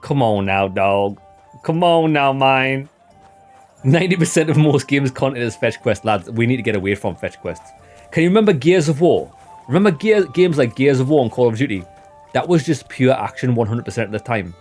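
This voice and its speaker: A male gaming host talks viewers through his playthrough in a loose, joking way, calling out to the lads as he goes. His voice sits at an ordinary middle pitch. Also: animated, fairly quick, darkish tone, soft background music. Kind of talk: casual gameplay commentary.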